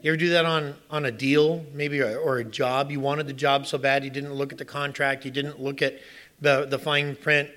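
Bright, lively man preaching a sermon. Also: medium pitch, moderate pace. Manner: animated storytelling with rhetorical questions. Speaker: pastor.

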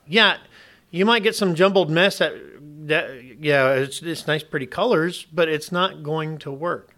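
A man's voice: fairly high pitch, measured pace, pushed and bright. A man preaching a sermon, emphatic and questioning the congregation, often restarting and repeating words.

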